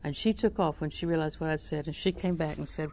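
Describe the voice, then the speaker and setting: An older woman preaching in a low, gravelly voice with plenty of fry. She tells stories in a conversational way, often softening almost to a whisper. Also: fast talker. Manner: conversational, soft-spoken, drops to near whisper. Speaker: Christian teacher. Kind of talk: personal storytelling sermon.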